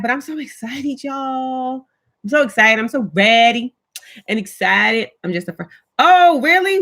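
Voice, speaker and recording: Woman chatting live w viewers, high bright voice, real emphatic. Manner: chatty, emphatic, reads and answers viewer comments. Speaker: livestream host. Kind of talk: casual live chat with viewers.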